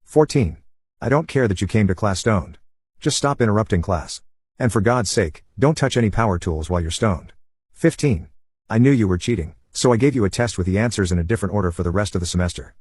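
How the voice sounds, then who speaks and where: A man narrating online stories in an even, unhurried reading voice. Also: fairly low pitch, breathy edge, dry recording, clean studio sound.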